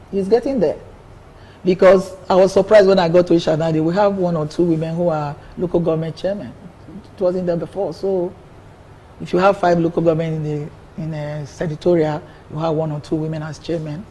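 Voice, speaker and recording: Older woman, mellow earnest voice. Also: low voice, steady tone, fairly quick, slight background noise, poor audio. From Nigeria. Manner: earnest, repeats words while building a point. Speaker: interview guest, politician. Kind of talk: interview answers.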